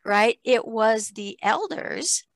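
A woman's voice: a little high, expressive, takes it slowly, no echo. A woman in her sixties hosting a podcast, chatting in a rambling way and laughing between thoughts. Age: 60s. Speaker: podcast host. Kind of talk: casual podcast interview.

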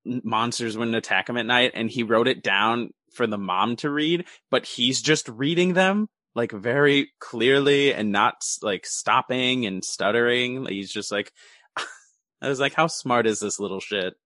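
A man co-hosting a podcast, chatting about a film, animated and swearing freely as he mocks the characters. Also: mid-range voice, unhurried, no room sound. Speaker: podcast co-host. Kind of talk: casual chat recapping a film.

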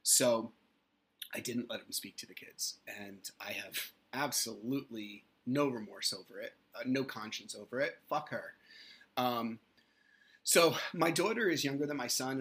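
A man's voice: medium pitch, a bit bright. Casual man telling a story. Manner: casual, rambling with restarts, quotes his kids. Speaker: podcast host. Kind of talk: solo podcast storytelling.

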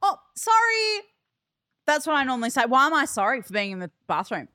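A woman with a high, bright and lively voice, chatting casually as a podcast co-host. She tells stories in an animated, giggly way. The close mic sounds dry. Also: rapid-fire, no room sound. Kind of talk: casual chat.

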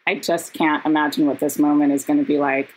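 A woman, a podcast guest and actress, telling stories in casual chat, animated and laughing, with quick asides. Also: low voice, low-quality recording. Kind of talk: casual storytelling.

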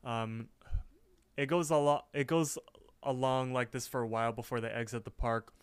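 A man's voice: medium pitch, fairly even intonation, normal speed, clear, resonant tone, dry recording. A man co-hosting a podcast over a voice call, recapping a cartoon episode in a chatty way with jokey asides. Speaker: podcast co-host. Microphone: online voice call.

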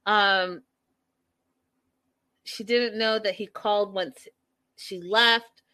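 A woman hosting a casual live-stream recap, chatty and animated, talking straight to her viewers. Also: mid-range voice, extremely slow. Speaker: reality show recap host.

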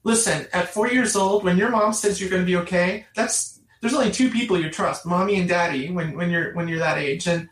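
A woman's voice: fairly low pitch, fairly quick, hardly any pauses. A middle-aged woman telling her personal story in an interview, earnest and emphatic, repeating phrases for stress. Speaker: guest. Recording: roomy, distant mic.

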